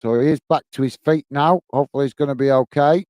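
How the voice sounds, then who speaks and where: A man's voice: medium pitch, fast talker, darkish tone, dry recording, clean studio sound. A man hosting a live football watch-along stream, calling the match and chatting with viewers, reading out their comments and thanking them by name in a friendly, rambling way full of fillers. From United Kingdom. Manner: many fillers and restarts, friendly banter.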